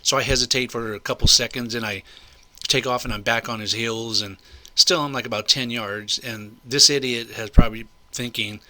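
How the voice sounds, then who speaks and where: A man's voice: mid-range voice, steady tone, normal speed, sharp tone. An older man telling a story in a casual, rambling way, indignant and full of asides. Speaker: vlogger recounting a personal incident.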